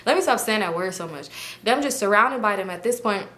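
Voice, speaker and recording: A woman's voice: medium pitch, expressive, a little fast, a bit bright. A young woman from Los Angeles telling a storytime to her viewers in casual, slang-heavy chat, acting out everyone's lines. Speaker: storytime vlogger.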